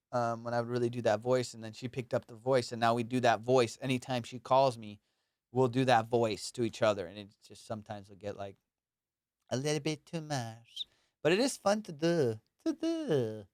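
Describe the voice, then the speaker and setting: A young man chats loosely and jokily on his own comedy podcast, high and rambling from one thought to the next. His voice is smooth and resonant at a middle pitch, and the sound is close and dry with no room around it. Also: dry recording. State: high on cannabis. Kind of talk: casual solo podcast chat.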